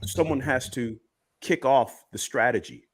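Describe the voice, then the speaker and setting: A man's voice: medium pitch, unhurried, husky. A man who is a minister co-hosting a casual faith talk, driving his points home with repeated phrases. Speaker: minister and co-host.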